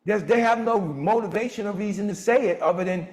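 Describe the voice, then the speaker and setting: A man in his sixties hosting a motivational group on a video call, talking with a lively preacher-like cadence. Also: brisk, few pauses, echoey room. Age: 60s. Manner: animated preacher-like cadence, swoops in pitch. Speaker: mastermind group host.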